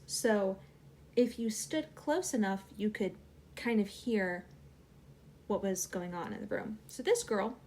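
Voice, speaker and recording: A woman's voice: mid-range voice, darkish tone, slight background noise. A young adult woman, a channel host, telling a personal story casually with many fillers.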